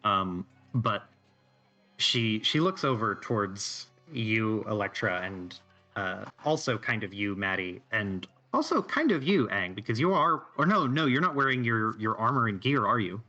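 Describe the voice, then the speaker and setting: Slow, low-voiced man running a game. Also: very animated, sharp tone, dull audio, faint music behind. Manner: slow, hesitant, with many fillers. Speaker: game master. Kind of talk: narrating a tabletop game.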